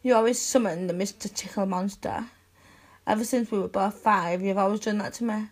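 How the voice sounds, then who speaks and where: A young woman in a one-sided audio role-play, speaking softly and intimately to the listener as her best friend, with sighs and giggles. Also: medium pitch, fairly even intonation, brisk.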